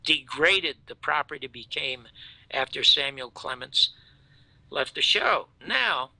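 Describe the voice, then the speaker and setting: An older man with a gravelly, creaky voice and a bright, edgy tone tells stories in a lively way. He goes from near-shouting to hushed asides. The sound is dry and close to the mic. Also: a little high, slow pace, dry recording, low-quality recording. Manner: animated, swings from loud outbursts to hushed asides. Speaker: show host telling stories. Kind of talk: storytelling in casual chat.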